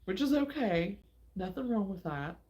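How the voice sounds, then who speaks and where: A woman hosting a relaxed, casual chat with viewers, talking in a teasing, chatty way. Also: medium pitch, moderate pace. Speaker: host.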